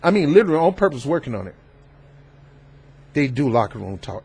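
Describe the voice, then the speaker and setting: A man hosting a political commentary vlog, talking in an emphatic, animated and preachy way. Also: medium pitch, a little fast, pauses often, breathy edge. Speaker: host.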